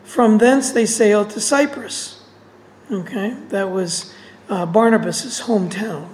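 A woman's voice: mid-range voice, a little slow, a little mellow, slight background noise, low-quality recording. A woman teaching through a Bible passage, reading verses aloud and explaining them with casual asides.

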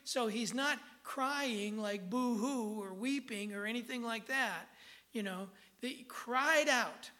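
A woman's voice: on the high side, bright, forceful tone. A woman pastor preaching a sermon, emphatic and checking in with the congregation with frequent "okay" and "amen".

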